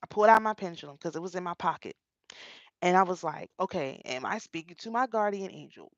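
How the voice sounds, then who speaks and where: A middle-aged woman vlogger telling a personal story in a casual, animated way, often repeating and restarting her phrases. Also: lowish voice, fairly quick, dry recording. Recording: dull, dry lo-fi sound.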